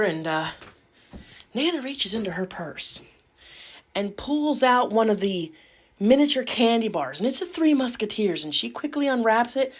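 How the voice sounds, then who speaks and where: A woman caregiver telling a story in a casual, lively and cheeky way, cussing freely. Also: fairly high pitch.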